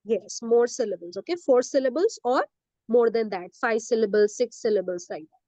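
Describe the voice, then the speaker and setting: A mellow, slightly high female voice at normal speed, recorded without room sound, leads an English grammar class. Her style is patient and repetitive: she repeats words, often asks "okay?" to check comprehension, and drops into Hindi along the way.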